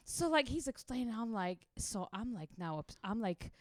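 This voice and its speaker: A woman's voice: a little high, big pitch swings, a little fast, few pauses, no echo. A young woman from Israel, a podcast co-host, telling a wild travel story casually, swearing freely and laughing through it.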